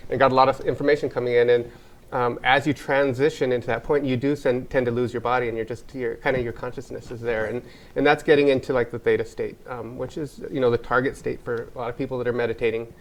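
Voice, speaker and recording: A man's voice: mid-range voice, little pitch movement, fast talker. An American man, a wellness spa owner, talking earnestly in a casual interview, rambling with many fillers and restarts.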